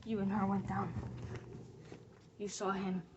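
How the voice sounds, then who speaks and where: A woman's voice: mid-range voice, level tone, measured pace, dull audio, noisy background. A woman narrating a mystery reveal, theatrically accusing the culprit as she retraces the crime step by step.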